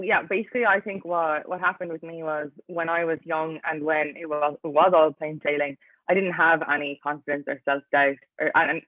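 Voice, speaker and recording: An Irish woman in her twenties, an athlete being interviewed casually, talks in a low voice and peppers nearly every phrase with "like." Her chatty manner comes through a tinny, dry, phone-like recording.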